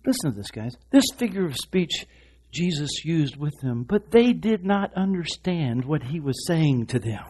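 Animated male preacher, hushed then loud. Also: fairly high pitch, a little hiss or hum. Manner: quick asides to the congregation. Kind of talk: sermon.

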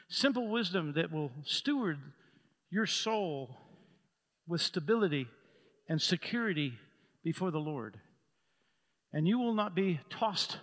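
Male preacher, high bright voice, long hall reverb; call-and-response sermon that swings from hushed to loud. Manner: builds from soft to loud preaching, leads the congregation in call-and-response.

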